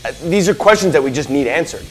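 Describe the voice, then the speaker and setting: A man with a high voice, excitable and exasperated, pleads his case in a comedy sketch. A faint music bed sits underneath. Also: quick pace. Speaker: sketch co-host.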